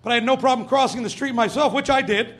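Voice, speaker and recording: High-voiced brash stand-up comic man. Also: fast talker, fairly bright tone, slight background noise. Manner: brash, profane, acts out quoted voices. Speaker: stand-up comedian. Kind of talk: stand-up comedy set. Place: comedy club stage with audience.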